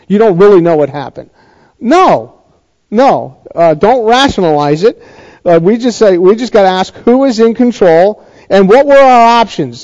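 A middle-aged man preaching a conversational sermon, halting and restarting, with touches of dry sarcasm. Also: sits high, warm tone. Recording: dull lo-fi recording.

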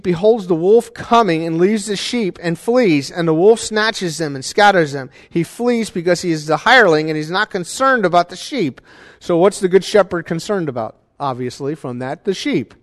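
A man's voice: sits high, moderate pace, long reverb tail. A male pastor preaching a sermon in a conversational way, often checking in with his congregation.

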